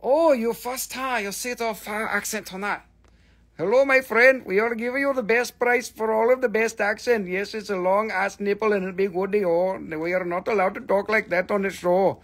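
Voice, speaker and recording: A man's voice: sits high, fairly even intonation, moderate pace, a bit bright, pitched above the performer's own voice. A man voicing an over-eager market salesman with a sing-song, pushy sales patter. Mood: salesy.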